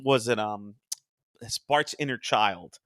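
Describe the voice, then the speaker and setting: A young man from New Jersey hosting a casual podcast chat, chatty and quick to quote cartoon lines in animated voices. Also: on the low side, dry recording, studio quality. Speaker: podcast host.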